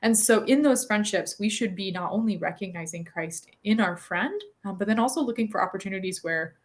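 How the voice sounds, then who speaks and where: In a brisk, medium-pitched voice, a thirtysomething woman appears as a guest author in a podcast interview. She speaks earnestly and thoughtfully, though her talk is dotted with fillers and restarts.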